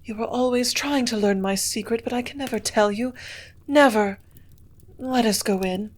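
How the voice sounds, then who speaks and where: A woman's voice: on the high side, moderate pace, a little hiss or hum, natural voice. A woman reading the part of a secretive, aloof young society woman in an audiobook, her delivery cool and guarded.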